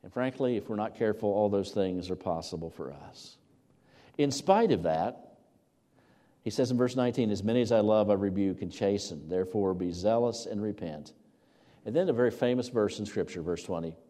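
A man's voice: lowish voice, moderate pace. Earnest preacher man in a reverberant hall. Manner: earnest, rises to loud emphatic peaks on scripture. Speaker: pastor. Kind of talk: sermon. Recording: long reverb of a large hall.

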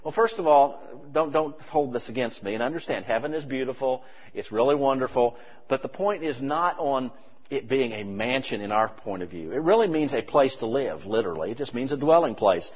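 A man preaching a sermon, animated and emphatic with conversational asides. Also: mid-range voice, a little fast, slightly rough. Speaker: pastor. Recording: dull, reverberant hall recording.

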